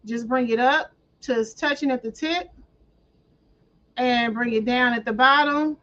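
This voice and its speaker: A woman with a high voice hosts a casual screen-share craft tutorial. She chats her viewers through each click with playful slang and clears her throat often. The audio is dull and lo-fi. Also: measured pace, a bit bright.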